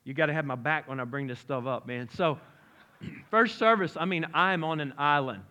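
Pastor preaching with a fairly high voice. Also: male voice, moderate pace. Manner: lively, conversational preaching with humor and direct questions to the congregation. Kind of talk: sermon. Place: church sanctuary.

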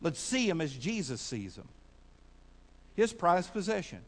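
A middle-aged pastor preaching a sermon in a folksy, stammering way that builds to loud, emphatic peaks. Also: male voice, high voice, very animated, measured pace.

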